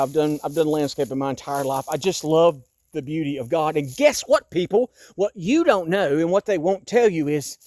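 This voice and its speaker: A man's voice: on the high side, darkish tone. Agitated man in his fifties. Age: 50s. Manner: agitated, exasperated, repeats himself. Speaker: vlogger. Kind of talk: walking-tour vlog rant. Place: outdoors in a wooded yard.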